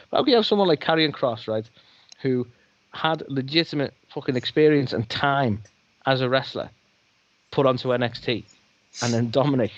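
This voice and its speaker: A man's voice: medium pitch, no echo. A man rants on a casual podcast, exasperated and swearing freely. The sound is dry with no room in it. The audio is slightly dull and lo-fi. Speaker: podcast co-host.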